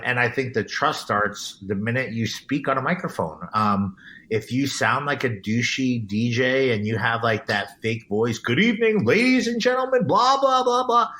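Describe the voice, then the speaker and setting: A man's voice: medium pitch, sharp tone. A man being interviewed as an event DJ, talking in an earnest, emphatic way with frequent restarts. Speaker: guest, event DJ. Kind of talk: casual interview.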